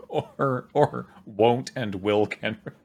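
A man co-hosting a relaxed group chat, reading out listener suggestions. He talks in a chatty way, laughs often, and drops quick asides. His voice sits at a mid pitch. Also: vocal fry. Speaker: podcast co-host.

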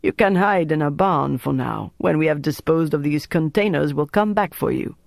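Male reader as blunt gruff resistance boss, middle-aged, grudging. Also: fairly high pitch, lively intonation, moderate pace, no room sound, clean studio sound. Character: gruff forty-year-old male French resistance leader.

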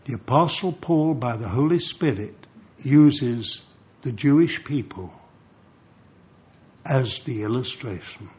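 An older man preaching a sermon, telling stories in an animated way and chuckling between points. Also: mid-range voice, slow pace, pauses often. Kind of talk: sermon with storytelling.

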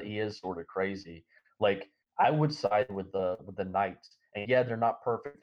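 Co-host, male, lower voice, talks in loose rambling runs padded with ums, muffled lo-fi recording. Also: a little mellow. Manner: rambling, halting, many fillers. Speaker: podcast co-host. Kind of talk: casual discussion. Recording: dull lo-fi audio.

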